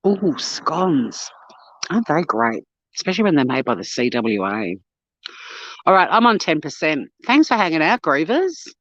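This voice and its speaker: A woman's voice: deep voice, normal speed, no room sound. Aussie woman rambling on a walk, swears a lot, kinda dull dry phone sound. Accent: Australian. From Australia. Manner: blunt and sweary, animated storytelling. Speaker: vlogger. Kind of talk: casual walk-and-talk vlog chat. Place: outdoors on a walk.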